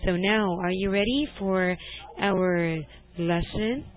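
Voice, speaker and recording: Woman English tutor, patient and corrective, unhurried delivery, thin phone-like audio. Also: medium pitch. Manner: patient, corrects gently, laughs often. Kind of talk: online one-to-one language lesson. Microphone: video call. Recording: tinny call audio.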